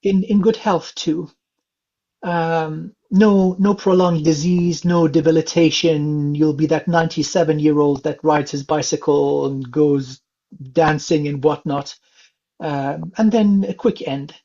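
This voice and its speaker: A man from England giving a calm spiritual reading, speaking gently with many filler sounds. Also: a little high, measured pace. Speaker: spiritual reader. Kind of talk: psychic reading session. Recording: dull lo-fi sound.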